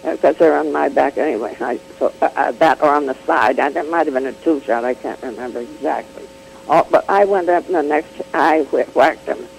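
An older woman chatting as an interview guest, telling an animated anecdote full of restarts, laughs and acted-out quotes. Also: low voice, a little fast, creaky, slight background noise, low-quality recording. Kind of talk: casual chat, telling an anecdote.

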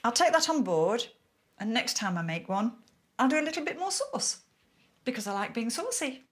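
Cheerful woman with lively pitch. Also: normal speed, husky. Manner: cheerful, playful. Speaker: dinner party guest and cook. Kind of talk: casual chat and interview asides.

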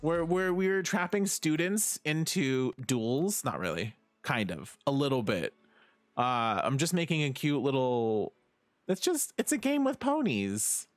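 A man's voice: a little high, sing-song, unhurried, dry recording. A man streaming live, chatting casually with viewers as he plays, self-mocking and swearing freely. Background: faint game music.

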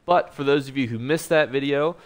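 An upbeat man walks through a game guide with a smooth, clear voice. He talks at a medium pitch and makes light jokes about his own script. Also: a little fast. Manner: upbeat, joking, self-correcting. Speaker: gaming YouTuber.

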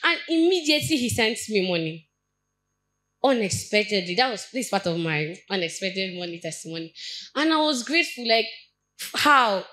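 A young Nigerian woman shares a personal testimony at a church Bible study. She speaks earnestly and haltingly, doubling back and repeating words as she goes. Her voice sits at a middle pitch for a woman. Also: very animated, fairly bright tone, poor audio. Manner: earnest, halting with frequent restarts and repetitions. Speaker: church member giving testimony.

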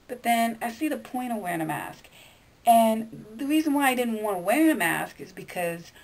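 A woman vlogging to her viewers in a casual, rambling way, blunt and quick to swear. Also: medium pitch. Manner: chatty, addresses viewers directly. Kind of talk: casual chat to camera.

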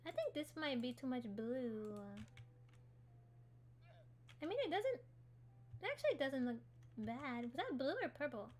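A woman's voice: high voice, very animated, measured pace, long pauses, slight background noise. A woman hosting a casual gaming livestream, chatty and giggly, answering her chat while she builds. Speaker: livestream host.

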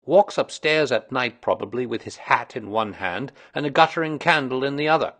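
A man's voice: mid-range voice, animated, moderate pace, a bit bright. A man voicing a precise, lecturing Victorian detective. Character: brilliant, self-assured Victorian male detective.

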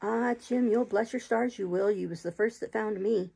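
A woman voicing a wild, marooned old male sailor in an audiobook reading, talking in rough sailor's dialect, eager and sly. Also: medium pitch, moderate pace, dark tone.

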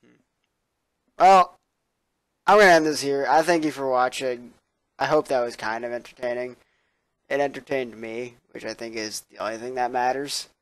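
A man's voice: medium pitch, normal speed, long pauses, a bit bright, dry recording. A young man rambling casually to camera in a tired, sarcastic, profane way, indoors at his computer. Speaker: vlogger.

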